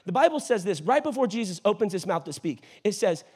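High-voiced, animated preaching man. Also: fast talker, breathy edge. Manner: animated, jokey preaching with playful voices for scripture characters. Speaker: pastor. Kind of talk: sermon. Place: church auditorium.

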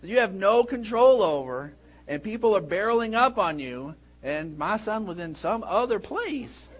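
A man in his thirties preaches with a rather high voice for a man. He tells his stories in a lively, animated way and breaks into loud shouts when he acts out scenes. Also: unhurried. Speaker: pastor. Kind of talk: sermon.

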